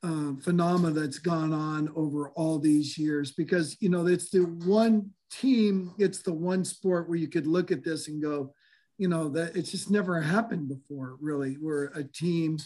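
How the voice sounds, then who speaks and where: A man with a noticeably high voice talks sports in a loose, rambling way. He keeps circling back with fillers and restarts, like casual chat among friends. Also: normal speed, darkish tone. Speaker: sports analyst guest.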